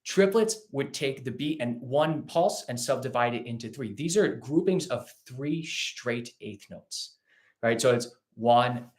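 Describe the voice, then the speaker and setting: A man's voice: mid-range voice, animated, unhurried. Man teaching rhythm, counting beats aloud. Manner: counts and chants rhythms aloud while clapping; patient, explanatory, asks rhetorical questions. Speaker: ukulele teacher. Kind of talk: live-streamed music lesson.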